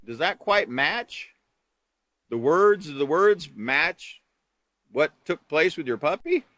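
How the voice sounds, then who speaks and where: A man's voice: a little high, slow, dry recording. A man leading a live online training course for teachers, reading steps from a manual and explaining them with examples. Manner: reads from a manual, then explains with lively examples.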